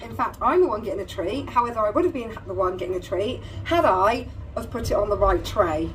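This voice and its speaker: Brisk and animated, a medium-pitched woman's voice comes through a noisy background. She's a family vlogger filming a casual, upbeat chat to camera with a phone in a holder inside a parked or moving car, turning now and then to talk with her kids.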